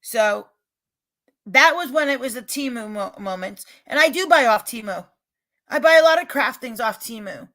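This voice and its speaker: A woman with a regional American accent, talking to her livestream chat in a high, bright voice. She rambles and restarts her sentences, and her emphatic delivery turns loud when she is upset. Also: animated, moderate pace. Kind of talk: casual chat, defensive and venting.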